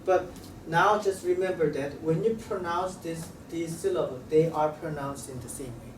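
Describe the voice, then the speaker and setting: A man teaching a language lesson, talking haltingly and repeating sounds to demonstrate them. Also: a little high. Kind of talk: classroom lecture at a board. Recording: roomy, slightly distant mic with faint room noise.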